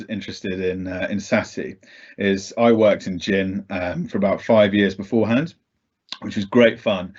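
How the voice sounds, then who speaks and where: A man giving a casual, chatty talk as a guest speaker over a video call, self-deprecating and full of ums. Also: on the low side. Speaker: guest speaker for a cider brand. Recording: dull lo-fi video call audio.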